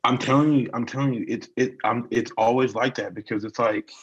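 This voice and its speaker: Husky young dude, rambling slangy chat, kinda dull lo-fi sound. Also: male voice, medium pitch, steady tone, a little fast. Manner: rambling, loose slang, many restarts. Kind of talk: casual chat.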